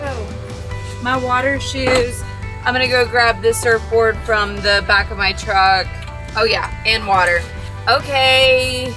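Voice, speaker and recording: Slow-talking chatty woman vlogger. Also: fairly high pitch. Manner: chatty, rambling, self-joking. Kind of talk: casual chat to camera. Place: camping out of a truck.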